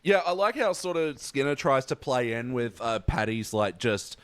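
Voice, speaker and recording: A man hosting a casual podcast, relaxed and rambling, with frequent laughs. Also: medium pitch, moderate pace, clean tone, no room sound. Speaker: podcast host. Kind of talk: casual chat.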